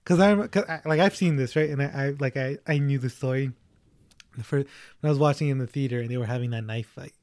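A man's voice: mid-range voice, quick pace, darkish tone, no echo, studio quality. A man co-hosting a casual movie chat, joking and rambling, laughing often.

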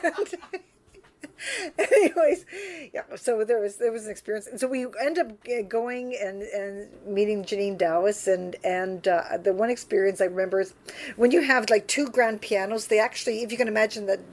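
A woman's voice: mid-range voice, fairly quick, darkish tone. A woman in her sixties from Canada, a pianist telling stories casually in an interview, laughing often and restarting her sentences.

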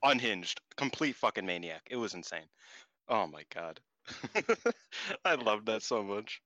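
A man co-hosting a podcast, chatting casually and excitably, laughing and swearing, his voice jumping up in disbelief. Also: on the low side, takes it slowly, dry recording. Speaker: podcast co-host. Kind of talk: casual chat recapping wrestling.

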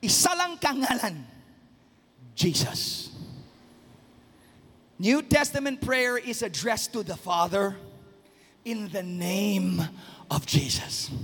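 A very high-pitched, gravelly male pastor, preaching in sing-song bursts that drop to hushed asides. His bright, sharp tone rings through the long reverb of a large church hall. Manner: shouting, sing-song preaching with sudden soft drops. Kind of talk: sermon.

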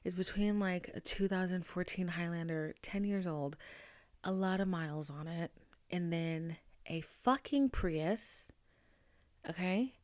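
A woman puts on a blunt middle-aged mother who lays down the only options in a flat, no-nonsense voice. The mother speaks a little lower and softer than the storyteller's own voice and sounds firmly decided. The recording is dry and close. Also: a little slow, dry recording, close to an everyday voice. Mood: insistent.

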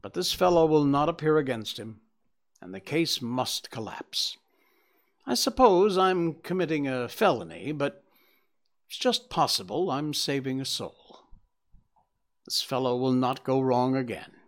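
A man's voice: mid-range voice, expressive, a little slow. A man voicing a cool, dry-witted detective explaining his reasoning, in an audiobook. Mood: measured.

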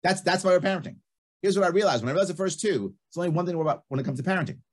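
Blunt, fast-talking husky man. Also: high-pitched. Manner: blunt, emphatic, repeats points. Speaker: guest. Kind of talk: opinionated advice in conversation.

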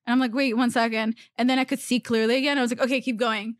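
A woman's voice: on the high side, steady tone, quick pace, no echo, studio quality. A woman in her thirties hosting a podcast in casual chat, giggly and teasing as she pushes for stories. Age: 30s. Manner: giggly, teasing, pushy with questions. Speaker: podcast host.

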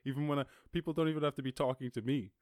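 A man with an Irish accent hosting a casual solo podcast, reacting to news in a jokey, excitable way and swearing freely. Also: on the high side, racing, no room sound, studio quality. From Ireland. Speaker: podcast host.

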